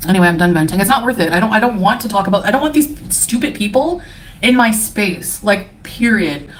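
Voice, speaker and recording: A woman's voice: medium pitch, lively intonation, fairly quick. A woman from Canada streaming live, ranting in a profane, scornful and defensive way. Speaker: livestreamer. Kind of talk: angry livestream rant.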